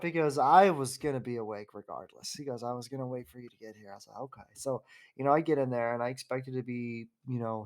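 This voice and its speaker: A man's voice: medium pitch, fast. Rambling, heartfelt young man. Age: 20s. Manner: rambling and heartfelt, with frequent fillers and restarts. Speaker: podcast host. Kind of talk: casual conversational storytelling.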